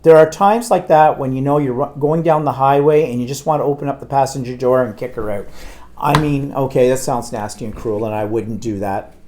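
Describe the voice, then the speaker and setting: A man's voice: mid-range voice, mellow. A man, co-hosting a live talk show and telling a long, exasperated anecdote in casual chat. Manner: rambling anecdotal storyteller, exasperated. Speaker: co-host.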